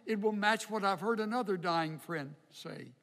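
An older man preaching a sermon in a slow, reflective way, with emphatic rises. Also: high voice, fairly bright tone. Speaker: pastor. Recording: hall reverb.

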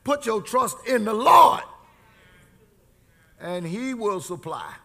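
A man preaching a sermon in call-and-response style, shouting key lines and drawing out words. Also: sits high, lively intonation, slow pace, vocal fry.

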